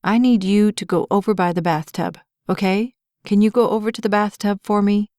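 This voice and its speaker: A woman reading a male firefighter who talks gently and patiently to reassure a scared child, in an audiobook. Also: medium pitch, steady tone, moderate pace, no room sound, clean studio sound, natural voice. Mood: soothing. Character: calm, soothing male firefighter.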